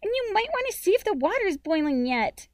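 A woman's voice: very animated, normal speed, dry recording, studio quality, exaggerated voice. A woman voicing a whiny, demanding nine-year-old girl, the younger sister. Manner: whiny, shrill, loud.

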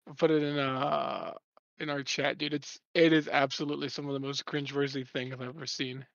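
A man's voice: mid-range voice, little pitch movement, fairly quick, vocal fry, a bit bright, no echo. A young man telling a story in a casual chat, rambling and swearing often. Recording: dull lo-fi recording.

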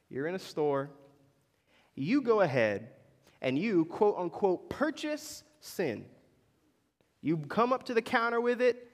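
Male pastor, fairly high voice with a swinging pitch, chatty sermon in a big reverberant hall. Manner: conversational preaching with questions to the congregation. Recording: long reverb in a large hall.

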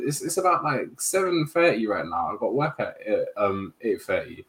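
A young man, telling a story in a casual podcast chat among friends, full of slang and lively retelling. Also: fairly high pitch, quick pace, few pauses, crowd noise. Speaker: podcast co-host.

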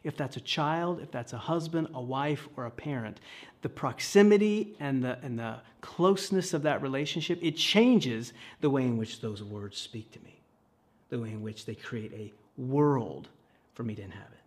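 A middle-aged man preaching a sermon, earnest, with dramatic pauses and phrases that sink to a hush. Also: mid-range voice. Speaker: pastor.

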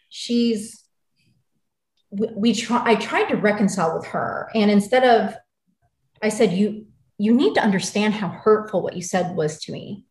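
A woman's voice: mid-range voice, darkish tone. A woman in her forties from the United States, a guest in an interview who tells her story in an angry, intense and blunt way. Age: 40s. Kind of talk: emotional interview. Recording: roomy echo.

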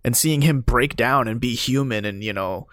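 Excitable man chatting about a game. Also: medium pitch, moderate pace, no echo, clean studio sound. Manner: excitable, laughs often, swears casually. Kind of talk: casual game discussion.

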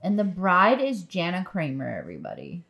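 Young woman, slightly low voice, blunt casual podcast talk, swears. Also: huge pitch swings, normal speed, gravelly, a loud crowd. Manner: blunt, swears casually, adds side comments. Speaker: podcast co-host. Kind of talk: casual movie recap chat.

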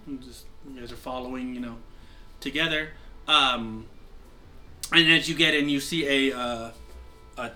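A man's voice: mid-range voice, sharp tone. A man with a sore throat narrating a tabletop game as game master, rambling with many fillers and restarts.

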